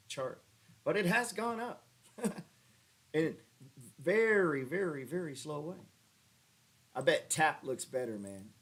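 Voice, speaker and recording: Sarcastic, profane man hosting a trading stream. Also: slightly rough. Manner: profane, sarcastic, mocking asides to chat; animated pitch jumps when ribbing viewers. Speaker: stock trading livestream host. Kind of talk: casual livestream chart talk.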